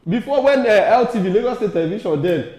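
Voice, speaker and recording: A young Nigerian man with a Nigerian accent co-hosting a casual news review, animated and laughing often. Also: fast. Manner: animated, laughing often, rising to high excited tones. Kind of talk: casual news commentary chat. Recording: echoey room.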